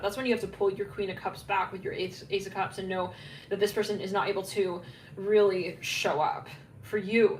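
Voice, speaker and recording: A woman's voice: on the high side, fairly bright tone. Woman tarot reader, loose rambling delivery, roomy echo, faint hum behind. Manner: rambling, filler-heavy, laughs at herself. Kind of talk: casual psychic tarot reading to camera. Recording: echoey room, faint background hum.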